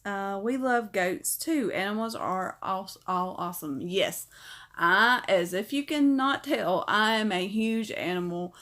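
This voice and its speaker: A woman in her thirties with a Southern accent, chatting casually on a livestream and reading comments out loud. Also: sing-song, takes it slowly. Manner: chatty, upbeat, talks to her parrot in a high voice. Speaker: livestream host.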